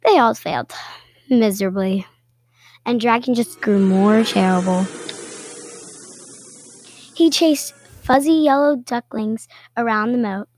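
Slow, playful woman reading a storybook. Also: on the high side, a little hiss or hum. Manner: playful, expressive storytelling with asides. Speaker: storybook reader. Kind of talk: reading a picture book aloud.

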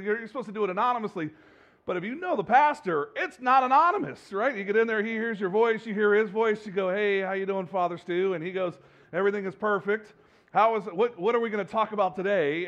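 This man preaches in a relaxed, chatty style, often restarting his sentences and poking fun at himself with the congregation. His voice sits fairly high. The recording is dull and a little muffled. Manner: conversational, rambling with frequent restarts and fillers; self-deprecating, jokes with the congregation. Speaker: pastor. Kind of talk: sermon.

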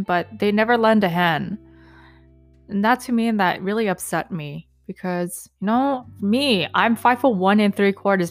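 A young woman telling an angry story about an incident, casual and profane, with many fillers. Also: medium pitch. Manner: indignant, profane, lots of fillers. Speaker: vlogger recounting an incident.

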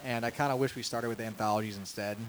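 A man's voice: medium pitch, fairly even intonation, fast, a little hiss or hum. Laid-back rambling young man. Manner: laid-back, rambling, drops into joke accents. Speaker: podcast creator and co-host. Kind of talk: casual chat.

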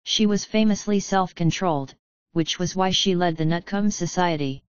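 A woman narrating a fantasy audiobook in clear, even storytelling. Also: on the low side, moderate pace, no room sound. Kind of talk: scripted narration. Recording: slightly dull, dry studio sound.

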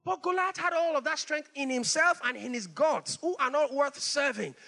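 High, bright-voiced pastor preaching. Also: male voice, moderate pace, gravelly. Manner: animated, repeats phrases for emphasis. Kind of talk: sermon. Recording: long hall reverb.

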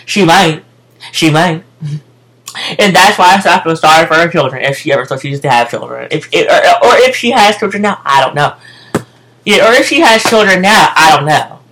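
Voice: medium pitch, expressive, normal speed, fairly bright tone, poor audio. An American speaker telling a casual storytime rant to viewers, profane and emphatic, often repeating phrases. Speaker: vlogger.

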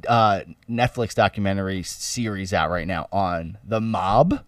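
A man's voice: deep voice, unhurried, fairly bright tone, no echo, far from the mic. A man from an Italian-American family co-hosting a podcast in casual chat, laid-back, swearing and full of slang. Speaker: podcast co-host.

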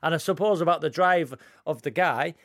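Man, rambling co-host, a little high, dry close sound. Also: normal speed, fairly bright tone, no echo. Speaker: podcast co-host. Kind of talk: casual chat.

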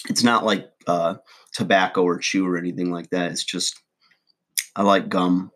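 A man's voice: deep voice, level tone, normal speed, fairly bright tone. A man who trains gym clients, talking casually to camera in a rambling, folksy way while chewing gum. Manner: rambling, folksy, many fillers like "you know". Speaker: fitness trainer and video creator. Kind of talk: casual to-camera vlog talk.

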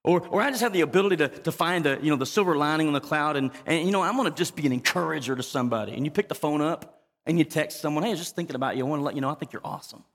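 A man's voice: fairly high pitch, very fast. Emphatic male pastor in a reverberant church. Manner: emphatic, asks the congregation for responses. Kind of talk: sermon.

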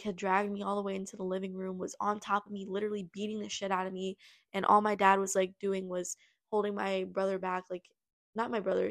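A young woman talks casually into her own podcast, with a voice of ordinary middle pitch. She tells her story bluntly and swears freely. Her talk rambles and is full of "like" and restarts. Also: vocal fry. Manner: rambling, heavy use of "like" and restarts. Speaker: podcast host. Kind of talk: casual personal storytelling monologue.

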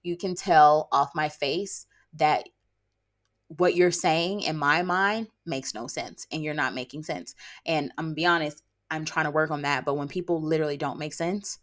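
A woman in her late twenties talks straight to her podcast listeners in a blunt, sassy way. Her voice sits a little low, and she often finishes a point with a pointed "okay?". There is a sarcastic edge to how she lectures. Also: a bit bright. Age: late 20s. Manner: sarcastic, quick bursts of laughter. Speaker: podcast host. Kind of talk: casual monologue podcast.

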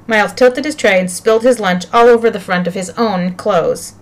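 Expressive woman reading a children's book. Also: mid-range voice, normal speed. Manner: lively, expressive storytelling. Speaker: narrator. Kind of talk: audiobook reading of a children's novel.

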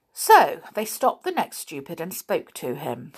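A woman reading a children's storybook aloud as narrator, expressive and unhurried. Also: sits low, husky.

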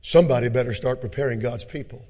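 A man preaching a fervent sermon at a church conference. He moves from hushed, low passages to loud, shouting climaxes and calls the congregation brethren. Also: fast talker. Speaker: pastor.

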